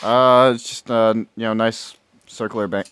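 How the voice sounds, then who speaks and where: A man co-hosting a casual podcast with a low-key, dry delivery, reading out a product description. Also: fairly even intonation, normal speed, a bit bright, clear, resonant tone. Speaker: podcast co-host.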